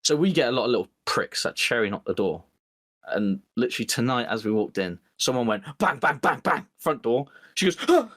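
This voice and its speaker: A man co-hosting a podcast, telling an animated story and acting out both sides of an argument with his partner. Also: medium pitch, a little fast, no echo. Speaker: podcast co-host. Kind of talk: casual chat.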